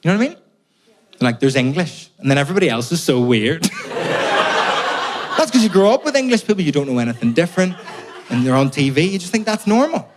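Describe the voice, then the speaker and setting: A man's voice: on the high side, very animated, brisk, pauses often, noisy background. A man from Belfast with a Belfast accent, a stand-up comedian telling exasperated, sweary stories on stage. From Belfast, Northern Ireland. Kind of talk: live stand-up set.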